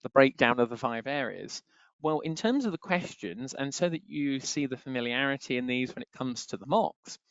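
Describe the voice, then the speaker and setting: A man talks students through exam tips in a chatty webinar manner, leaning on the same filler phrases again and again. His voice sits at an ordinary middle pitch. The sound is dry and a little muffled, like a webinar recording. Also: smooth, no room sound. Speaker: exam tutor. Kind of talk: webinar teaching. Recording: dry, slightly dull webinar audio.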